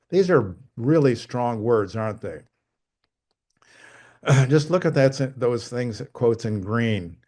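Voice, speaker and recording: A man's voice: lowish voice, a little slow, darkish tone. An older man giving a conversational lecture to dentists, reading quotes off his slides with frequent restarts. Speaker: guest speaker presenting to dentists.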